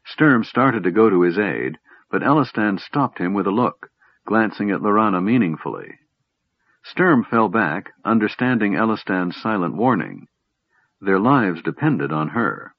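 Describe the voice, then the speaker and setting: A man narrating a fantasy audiobook in an expressive, dramatic reading. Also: lowish voice, measured pace, no room sound, highs cut off.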